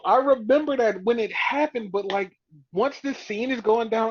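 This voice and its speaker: This podcast host has a very high-pitched voice and a moderate pace, recapping wrestling casually with lots of swearing. He retells scenes in an animated, profane way, mimicking the quotes in character voices. The lo-fi audio sounds dull and dry.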